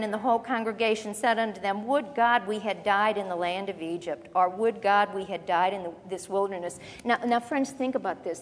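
A woman preaching a sermon, teaching from the Bible in a conversational, animated way with quick asides. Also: medium pitch. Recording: long reverb of a large hall.

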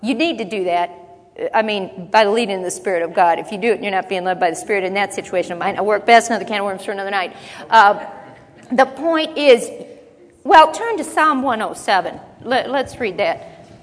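A woman preaching a sermon, repeating phrases for emphasis and acting out low muttering. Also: fairly quick. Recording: long hall reverb.

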